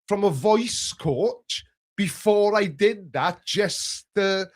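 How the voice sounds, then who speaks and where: Chatty Welsh man, slightly high voice. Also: lively intonation, takes it slowly. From Wales. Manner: chatty, laughs often, many restarts. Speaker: streamer co-host. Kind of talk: casual chat.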